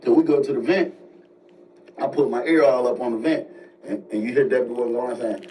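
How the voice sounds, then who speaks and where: A man telling a jailhouse-style story in casual, animated slang. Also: mid-range voice. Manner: animated, slangy, fast asides. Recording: distant mic with faint noise.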